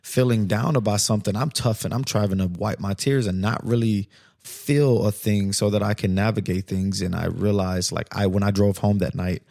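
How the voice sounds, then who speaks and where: A man in his thirties talks earnestly to his listeners as a podcast host, shifting from a heartfelt personal story into calm advice. His voice sits fairly low, and the recording is dry and close with no room sound. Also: normal speed, creaky, no room sound. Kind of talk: podcast monologue on parenting.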